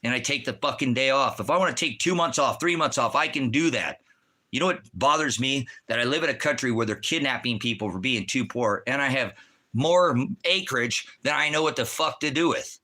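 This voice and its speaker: A man's voice: medium pitch, fairly quick, pushed and bright. Profane, ranting man. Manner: profane, fiery, heavy swearing. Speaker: online preacher. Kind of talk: angry ranting monologue. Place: rural home.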